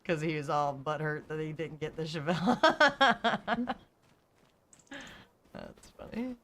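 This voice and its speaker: A woman's voice: low voice, slow, fairly bright tone. Laughing, chatty woman streamer. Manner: storytelling, laughs often, swears casually. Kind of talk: casual chat.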